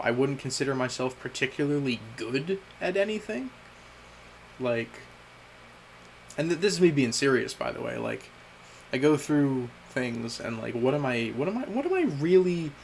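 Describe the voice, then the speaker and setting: Halting, self-critical young man. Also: medium pitch, a little hiss or hum, poor audio. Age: young adult. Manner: halting and self-critical, with frequent restarts and pauses. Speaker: vlogger. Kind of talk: candid personal message to his future self.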